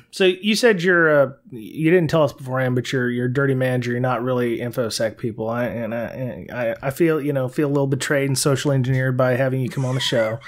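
A man's voice: medium pitch, steady tone, a little fast. A man hosting a podcast, asking long, rambling questions with fillers. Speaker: podcast host. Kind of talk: conversational interview.

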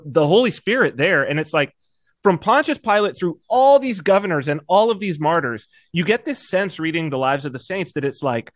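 High, lively man stammering eagerly. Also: dry recording, clean studio sound. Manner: animated, stammering restarts. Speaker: podcast co-host. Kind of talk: casual conversational chat.

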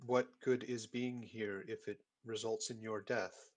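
A man playing an earnest, calm male adventurer in a tabletop game, speaking in a measured way. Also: lowish voice, lightly acted.

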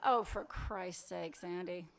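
A man's voice: very high-pitched, expressive, a little slow, fairly bright tone, pitched above the performer's own voice, exaggerated voice. A man voicing a sarcastic, bitter wife. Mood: irritated. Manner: biting, sarcastic, demanding. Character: sharp-tongued woman, wife, bitter and sarcastic. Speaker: fiction author reading aloud. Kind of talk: literary reading, acted dialogue.

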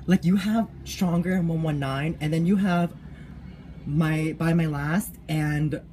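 A young woman giving a gushing, animated fan reaction in a casual vlog. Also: low-pitched, a little slow, a little hiss or hum. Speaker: YouTube reactor.

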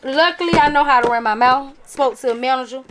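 Talking fast and directly to her audience, whom she calls y'all, a chatty woman with a bright, high voice shows off a craft haul in a casual, emphatic chat to camera. A faint noise runs beneath the audio.

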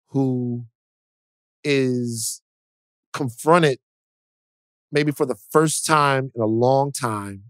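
A man's voice: mid-range voice, a bit bright, dry recording, studio quality. Emphatic man co-hosting a podcast. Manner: emphatic, preacher-like building cadence. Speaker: podcast co-host. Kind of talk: casual podcast chat.

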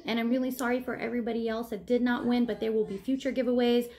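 A woman in her thirties hosting a casual vlog giveaway, bubbly and chatty, with excited asides. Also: on the high side, fast, background noise.

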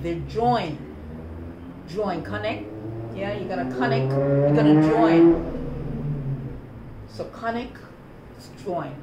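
A woman with a Jamaican accent casually teaching patois words, saying phrases in patois and then giving the plain English word. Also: medium pitch. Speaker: host. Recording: roomy with background noise.

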